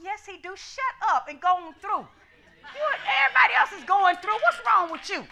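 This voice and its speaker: Woman pastor preaching hard, high bright voice, black speech, shouts a lot. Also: expressive, normal speed, vocal fry, some chatter behind. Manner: shouting, call-and-response preaching. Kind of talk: sermon.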